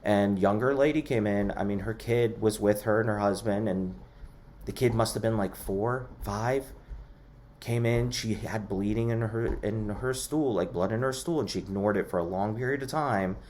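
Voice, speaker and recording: A man's voice: lowish voice, normal speed, a little mellow, slight background noise. A man lecturing to a class in a conversational way, with lots of fillers and personal asides.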